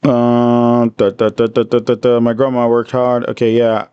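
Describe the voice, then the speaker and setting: A man hosting a livestream, reading comments and telling a story in an animated, repetitive, indignant way. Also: medium pitch, normal speed, clean tone, dry recording, lo-fi sound. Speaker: livestream host.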